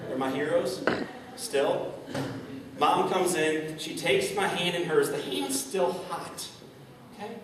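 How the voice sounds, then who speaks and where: A man's voice: sits high, slow pace, background noise. A man giving a keynote talk to a live audience, telling a personal story and speaking straight to the crowd. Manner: storytelling, addresses audience directly. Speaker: motivational speaker. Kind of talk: inspirational keynote speech. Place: large event hall. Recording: echoey hall, distant mic.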